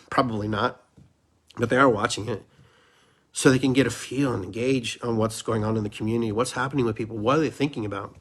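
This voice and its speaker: A man's voice: medium pitch, a bit bright, breathy edge. A middle-aged man hosting a solo podcast, talking fervently and preachily, repeating phrases for emphasis. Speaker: podcast host. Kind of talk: impassioned solo podcast monologue.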